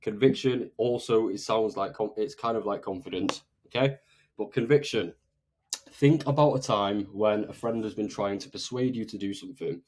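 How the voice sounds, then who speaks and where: Energetic man coaching sales. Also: on the low side, moderate pace. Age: 20s. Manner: energetic, emphatic, often tags "okay?". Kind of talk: motivational talk to camera.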